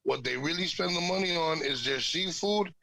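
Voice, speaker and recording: A man's voice: fairly high pitch, moderate pace, gravelly, bright, forceful tone, low-quality recording. A man from the Bronx, a pro wrestler and guest, talking in laid-back casual chat and laughing easily. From the Bronx, New York.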